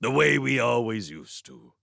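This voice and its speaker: A man's voice: medium pitch, sing-song, measured pace, creaky, sharp tone, dry recording, clean studio sound, full character voice. A man voicing Timmins, an eager little male kobold house-spirit in a storybook reading, with a piping delivery.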